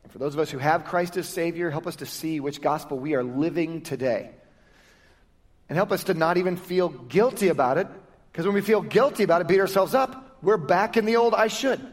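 A male pastor giving a sermon in a conversational, lively style, often restarting phrases as he explains. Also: on the high side, fairly quick. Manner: conversational, lively, self-correcting preaching. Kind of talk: sermon with prayer and Bible teaching.

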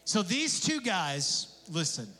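A man preaching a sermon as pastor, conversational and animated, with casual asides and jokes. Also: high voice, slow. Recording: long hall reverb.

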